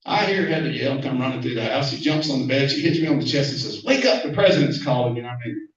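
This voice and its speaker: A man's voice: medium pitch, fast. A man with an Alabama Southern accent giving a folksy, storytelling speech as a guest congressman, often repeating words as he starts a sentence. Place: meeting room at a club luncheon. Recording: very echoey room, distant mic, dull sound.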